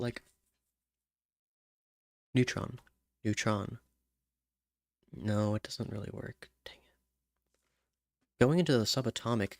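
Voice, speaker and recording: Slow, muttering man hunting for rhymes. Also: on the low side, dry recording, studio quality. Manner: muttering, trying out rhymes and humming syllables. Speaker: songwriter. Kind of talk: thinking aloud while writing lyrics.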